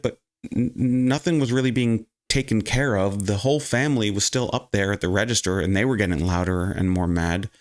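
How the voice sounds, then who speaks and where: Guy vlogging, lowish voice, tells a story all animated, jumps up loud when quoting people. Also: fairly quick. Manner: animated, acts out quoted people in raised voice; frequent restarts and fillers. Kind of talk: casual storytelling.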